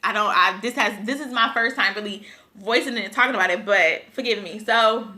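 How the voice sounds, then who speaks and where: A woman's voice: mid-range voice, brisk, bright, forceful tone. A woman vlogger telling a personal story, tearful and rambling, laughing through her tears.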